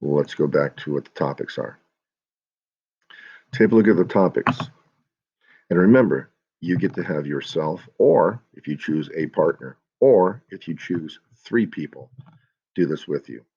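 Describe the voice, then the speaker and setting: A male teacher with a deep, low voice walks his students through a class project step by step, talking straight to them. The recording sounds dull and lo-fi. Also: lively intonation, unhurried, long pauses, warm tone, slightly rough. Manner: step-by-step, explanatory, addresses students directly.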